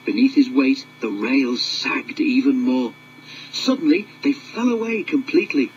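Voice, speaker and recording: Measured male storybook narrator. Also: medium pitch, lo-fi sound, slight background noise. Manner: measured, expressive reading.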